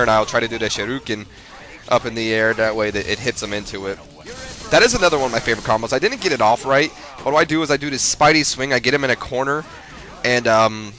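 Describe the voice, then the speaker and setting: A man's voice: medium pitch, bright, forceful tone. A man giving rambling, self-deprecating gameplay commentary, full of fillers and restarts. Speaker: gamer.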